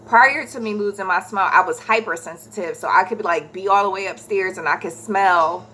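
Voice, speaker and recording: Brief: woman, 30s, vlogger storyteller; bright, lively telling, often stops to correct herself. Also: mid-range voice, moderate pace, a little hiss or hum. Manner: animated, acts out quoted voices, corrects herself mid-story. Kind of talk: casual storytelling.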